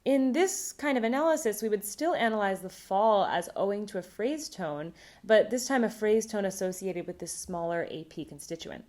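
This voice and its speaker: Woman, lower-pitched voice, academic conference presenter, measured, scripted delivery. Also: a little mellow. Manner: measured, reads a prepared script. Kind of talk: recorded academic talk.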